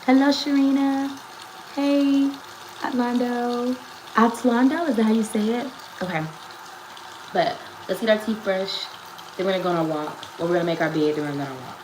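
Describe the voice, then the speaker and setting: A woman's voice: mid-range voice, brisk, darkish tone, slight background noise. Chatty woman on a home live stream. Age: 30s. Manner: chatty, greeting viewers by name and laughing often. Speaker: lifestyle vlogger and host. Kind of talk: casual live-stream chat. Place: at home, indoors. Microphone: phone on a tripod. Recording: roomy echo with faint ambience.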